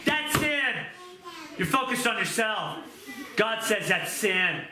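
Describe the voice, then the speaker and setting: A man preaching a sermon to a small group in an earnest, conversational way, with quick asides and questions to his listeners. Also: high-pitched, animated, sharp tone. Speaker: pastor. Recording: echoey room with background noise.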